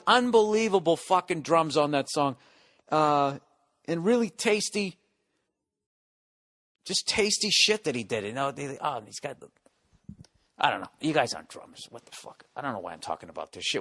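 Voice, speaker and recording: Man, middle-aged, from the US, podcast host, comic monologue, swearing, exasperated, swings from loud to muttering, fairly high voice.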